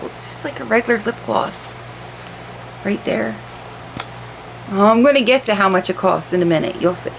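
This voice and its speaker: A woman's voice: medium pitch, background noise. A woman chatting casually as she unboxes beauty products, candid and repeating words for emphasis, in a room lit by a ring light. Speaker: beauty vlogger.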